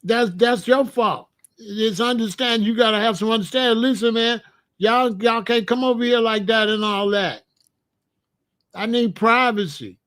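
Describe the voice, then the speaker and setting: A man's voice: extremely high pitch, normal speed, fairly bright tone. A man hosting a casual talk show and giving blunt, joking advice on marriage, acting out little scenes as he goes. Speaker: host.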